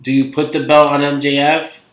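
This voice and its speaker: A man's voice: fairly high pitch, flat delivery, moderate pace, slight background noise. A man with a Brooklyn accent co-hosting a casual podcast, rambling and hesitant, trailing off often. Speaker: podcast co-host. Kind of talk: casual chat. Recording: echoey room.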